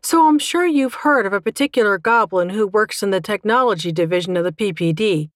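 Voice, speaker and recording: A woman's voice: mid-range voice, brisk, no echo, clean studio sound, close to an everyday voice. A woman reader voicing a smug, teasing male goblin officer who talks down to a dragon. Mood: aloof. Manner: glib, teasing, calls everyone babe.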